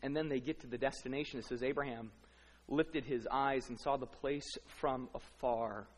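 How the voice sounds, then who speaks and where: A middle-aged man preaching a sermon, dramatically acting out inner thoughts with stammering repeats, swinging from hushed to loud. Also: mid-range voice, fairly even intonation, moderate pace. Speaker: pastor. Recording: long reverb of a large hall.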